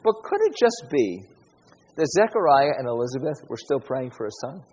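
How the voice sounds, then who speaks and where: A man's voice: mid-range voice, very animated, moderate pace, a little mellow, husky. A man preaching a sermon, speaking earnestly, repeating key phrases and asking his listeners rhetorical questions. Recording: dull, echoey hall recording.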